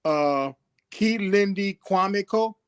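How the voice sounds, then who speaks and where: A man studying a language in an online lesson, halting and hesitant as he sounds out new words. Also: high voice, clean tone, dry recording, clean studio sound. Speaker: student.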